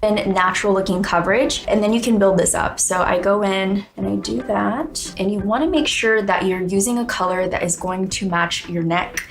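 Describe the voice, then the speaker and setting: A woman presenting a makeup tutorial, explaining each step calmly and clearly. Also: mid-range voice, normal speed, few pauses. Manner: calm, step-by-step instructing. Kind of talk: instructional how-to.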